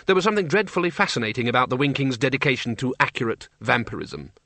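A man reading a novel aloud in measured, dry scripted narration. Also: mid-range voice, expressive, sharp tone, no echo. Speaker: audiobook narrator.

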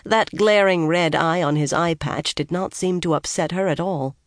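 A steady, measured narrator reads a fantasy novel in a mid-range voice. The recording is dry and close, with no room around it. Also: mid-range voice, no room sound. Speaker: audiobook narrator.

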